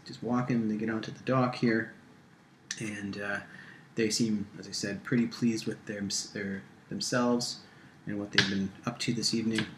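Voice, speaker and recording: A man narrating as game master in a tabletop game, halting with many ums and restarts. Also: on the low side, flat delivery. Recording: echoey room with faint hiss.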